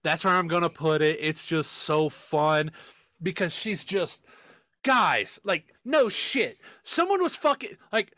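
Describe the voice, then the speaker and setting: A man co-hosting a podcast in casual chat, swearing a lot and breaking into animated mock rants. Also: a little high, slow pace, dry recording, studio quality. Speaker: podcast co-host.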